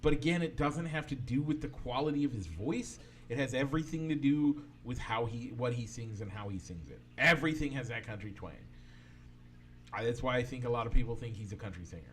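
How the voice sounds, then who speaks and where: A man's voice: medium pitch, a little fast, slight background noise. A man co-hosting a casual podcast, arguing his opinions at length in a loose, rambling way with many restarts. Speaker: podcast co-host. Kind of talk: casual sports and pop-culture chat.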